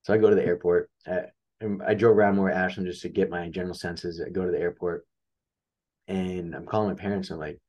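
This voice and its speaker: A man's voice: low voice, steady tone, a little fast, a little mellow, dull audio. A young man from upstate New York, a track coach telling a story in a casual interview, acting out the dialogue as he goes.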